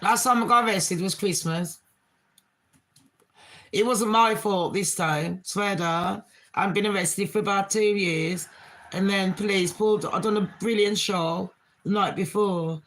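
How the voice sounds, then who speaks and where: A woman's voice: mid-range voice, unhurried, fairly bright tone. A middle-aged woman, hosting a casual live chat with her viewers in a rambling, frank, slangy way. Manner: slangy street talk. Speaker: livestream host.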